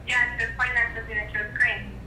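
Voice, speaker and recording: A woman on a speakerphone call, casually recalling events in a flat, matter-of-fact way. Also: a little high, rapid-fire. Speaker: girlfriend called on speakerphone. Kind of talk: casual phone chat. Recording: phone on speaker in an echoey room with faint noise.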